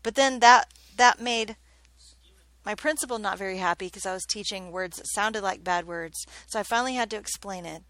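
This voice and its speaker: Bright-voiced chatty woman math teacher. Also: medium pitch, moderate pace, dry recording. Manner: chatty, joking, asks many questions. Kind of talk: classroom lesson. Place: classroom.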